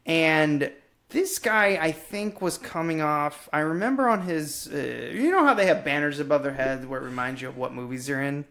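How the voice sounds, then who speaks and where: A man in his thirties co-hosting a movie podcast, telling stories in a casual, profane, animated way. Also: on the high side, normal speed, vocal fry. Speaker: podcast co-host.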